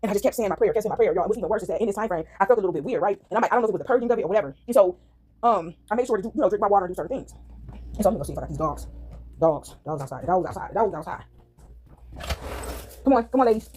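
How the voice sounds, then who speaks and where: A woman vlogger telling her viewers a long, animated story in a rapid monologue, often tagging her sentences with a questioning "right?". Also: mid-range voice, a little hiss or hum.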